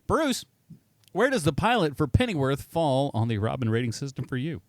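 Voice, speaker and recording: A podcast co-host rambles through a casual chat, animated and correcting himself as he goes. His voice is medium-pitched at a moderate pace, with clean studio sound and no room noise.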